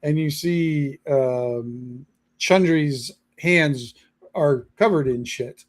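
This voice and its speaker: A man narrating as game master in a halting, casual way, full of fillers. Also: fairly high pitch. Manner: halting, lots of fillers and restarts.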